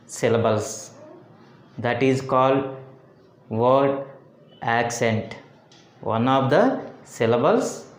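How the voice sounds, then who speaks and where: A man teaching a lesson on word stress, speaking deliberately and repeating words and phrases for emphasis. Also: mid-range voice, reverberant. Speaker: English teacher. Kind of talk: slow phonetics lesson.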